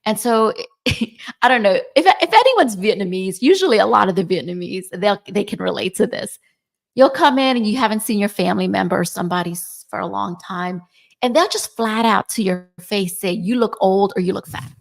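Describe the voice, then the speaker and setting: Gravelly, mid-range and animated, this woman in her forties talks briskly as a podcast co-host. The chat is casual, and she keeps capping her points with "right?".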